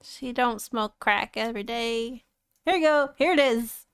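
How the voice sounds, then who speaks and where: A woman with a smooth, clear voice talks in a relaxed podcast chat. She is laid-back, swears freely and laughs a lot. The sound is dry and close. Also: on the high side, a little slow, no echo. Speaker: podcast co-host. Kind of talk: casual chat.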